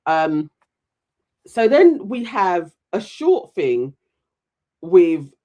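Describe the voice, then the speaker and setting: A man's voice: sits high, very slow, dull audio. A man co-hosting a casual chat, recapping reality TV and acting out the people he quotes. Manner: animated, mimics voices when retelling scenes. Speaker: podcast co-host.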